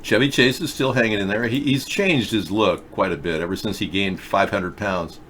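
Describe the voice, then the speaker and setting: A man's voice: on the low side, normal speed, a bit bright, a little hiss or hum. A middle-aged man hosting a live video chat show, reading viewer comments and rambling through sarcastic jokes and asides.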